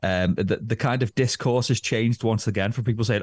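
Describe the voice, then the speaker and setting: Male podcast co-host, deep-ish voice, loose rambling chat, dry close sound. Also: brisk, hardly any pauses, a little mellow, no echo. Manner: rambling, hedging with fillers. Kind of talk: casual football chat.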